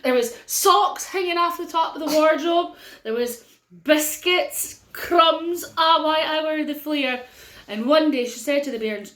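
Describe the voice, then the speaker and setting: A middle-aged woman with a North-East Scottish accent tells children a story playfully, using dramatic pauses. Her voice sits high and a bit bright, with a roomy sound.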